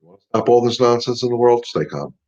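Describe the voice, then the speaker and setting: A middle-aged man hosts a live dog-training Q&A, speaking casually yet emphatically and repeating points as he coaches. His mid-range voice is expressive, quick, and a little mellow, on dull audio.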